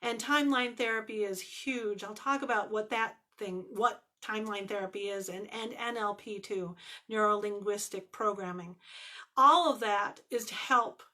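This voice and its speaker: A woman's voice: mid-range voice, normal speed, sharp tone. A woman life coach talking straight to the camera in an earnest, emphatic way, repeating phrases for emphasis. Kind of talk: direct-to-camera vlog talk.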